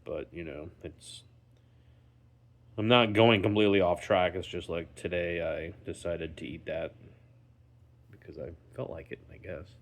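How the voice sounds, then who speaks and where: A man talking casually in a daily vlog, rambling slowly with many ums and restarts while recovering at home and sounding tired. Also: low voice, steady tone. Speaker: vlogger.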